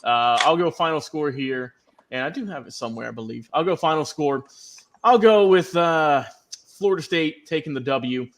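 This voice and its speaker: A man's voice: on the high side, lively intonation, moderate pace, slight background noise. A man hosting a casual sports prediction panel, easygoing and hesitant, with many ums. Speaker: sports show host.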